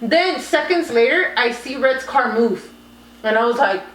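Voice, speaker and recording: A woman's voice: fairly high pitch, expressive, a little slow, a bit bright. A young woman, animatedly telling a story on a podcast, swearing and switching between English and Spanish. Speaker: podcast co-host. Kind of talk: casual storytelling chat. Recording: echoey room.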